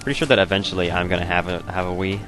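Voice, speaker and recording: Young man, very deep voice, laid-back rambling game commentary, game music clearly behind. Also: very fast. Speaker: let's play host. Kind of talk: casual gameplay commentary.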